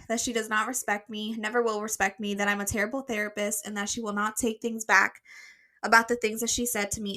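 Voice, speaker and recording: Woman podcast co-host, crisp bright voice, slightly breathless, reads a listener letter with chatty ums. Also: fairly high pitch. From United States. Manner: chatty, reads aloud with fillers and restarts. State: a bit out of breath. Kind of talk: casual podcast chat, reading a listener letter.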